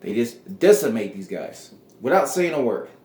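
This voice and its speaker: A man's voice: medium pitch, very animated, moderate pace, dark tone. Man rambling through a story. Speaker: video host. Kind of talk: casual fantasy-booking storytelling. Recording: roomy echo.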